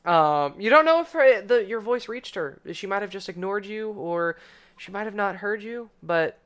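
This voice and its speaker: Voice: medium pitch, lively intonation, moderate pace, a bit bright, a little hiss or hum. A game master narrating a tabletop game casually, laughing often between filler words.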